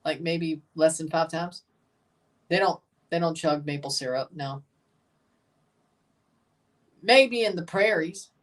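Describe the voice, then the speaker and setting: A woman's voice: low-pitched, slow, long pauses, far from the mic. A woman hosting a casual livestream watchalong, calling scores and plays in an offhand way and swearing at big moments. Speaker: watchalong host. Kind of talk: casual live match commentary.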